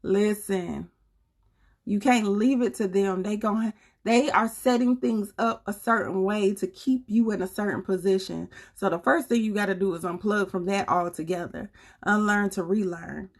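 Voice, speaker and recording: Speaking at a moderate pace and medium pitch, this Southern-accented livestream host chats casually with her viewers. Her manner is earnest, colloquial, and a little preachy.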